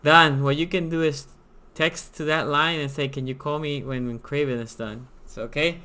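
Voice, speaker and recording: A man's voice: a little high, steady tone, moderate pace, bright, forceful tone. A man hosting a live sports call-in show, chatting casually and animatedly with callers.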